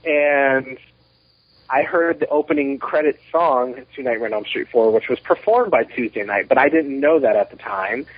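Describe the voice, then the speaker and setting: A man in his thirties, a documentary producer, chatting as a podcast guest and telling animated, rambling stories with many restarts. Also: mid-range voice, normal speed, breathy edge, no echo. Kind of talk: casual interview chat. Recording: muffled lo-fi podcast audio.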